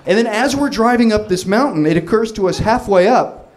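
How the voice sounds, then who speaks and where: A man telling a comic personal story, rambling and animated, with lots of restarts and fillers. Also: sits high, fairly quick.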